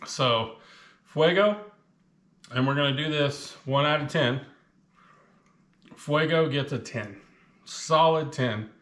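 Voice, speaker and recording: Slow-talking man reviewing spicy snacks. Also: on the high side, a bit bright, reverberant. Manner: slow, chatty, talking with his mouth full. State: mouth burning from spicy chips. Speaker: food reviewer. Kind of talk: casual food review vlog.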